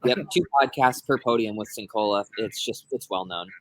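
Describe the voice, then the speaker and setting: A man's voice: lowish voice, brisk, dry recording, poor audio. A man co-hosting a podcast, joking playfully and laughing as he banters. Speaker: podcast co-host.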